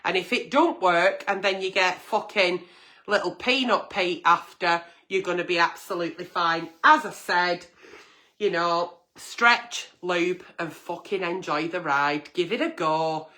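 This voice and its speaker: A woman's voice: on the low side, measured pace, bright, forceful tone. A woman hosting a late-night agony-aunt stream, answering viewer letters bluntly and frankly, swearing freely. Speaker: host reading viewer letters.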